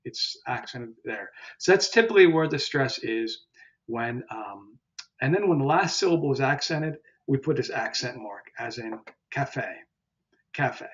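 Relaxed man teaching pronunciation. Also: mid-range voice, normal speed, muffled recording. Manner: relaxed, with fillers and self-corrections. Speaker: language teacher. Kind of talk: explaining pronunciation.

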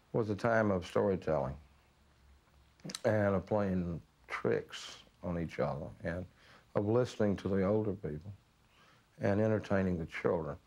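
A middle-aged man, telling memories slowly in an interview, pausing with uh and restarting his sentences. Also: deep voice, a little mellow, dry recording. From Mississippi, US. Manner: slow, musing, with frequent uh and restarts. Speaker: author interviewed. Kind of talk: reflective storytelling interview.

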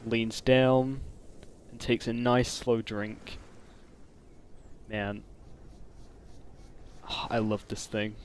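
Man, gaming commentator, excitable, gushing, casual, faint background noise. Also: medium pitch, very slow, long pauses. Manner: excitable, gushing with frequent exclamations. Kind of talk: casual game mod review commentary.

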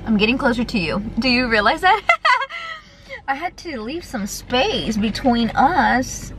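Brief: young woman vlogger, chatty and excitable, a bit high, phone mic with clear background noise. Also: moderate pace. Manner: chatty, excitable, lots of "y'all" and "like". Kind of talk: casual vlog chat to camera.

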